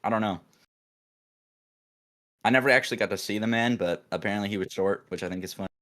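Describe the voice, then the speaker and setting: A young man, a podcast co-host, telling a work story in a rambling, animated way, full of restarts and acted-out quotes. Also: fairly low pitch, fast. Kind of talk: casual storytelling chat.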